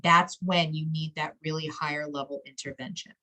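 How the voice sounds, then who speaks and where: A woman's voice: sits low, steady tone, normal speed, pushed and bright, rough recording. A woman school counselor giving a conversational talk to parents, often checking in with "right?" and acting out what a child or parent might say. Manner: acts out a child's and a parent's words. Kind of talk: presentation to parents.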